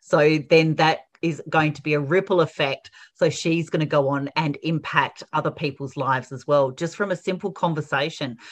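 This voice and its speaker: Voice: mid-range voice, fairly bright tone. A host responding to a guest in a supportive, affirming, encouraging way. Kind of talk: supportive interview talk.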